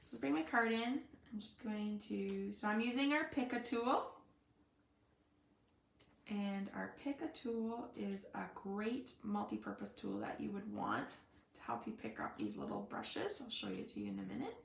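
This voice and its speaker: A woman's voice: medium pitch, expressive, unhurried, creaky, slight background noise. Chatty woman demoing crafts, echoey room. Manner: chatty, thinks aloud with many fillers. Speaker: card-making demonstrator. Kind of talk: casual live craft demonstration.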